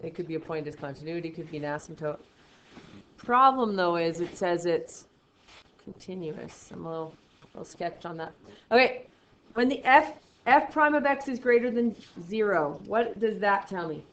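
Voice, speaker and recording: A woman's voice: on the low side, brisk, slight background noise, rough recording. A woman teaching a math lesson in a casual, encouraging way, often asking questions and answering them herself. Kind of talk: classroom lecture.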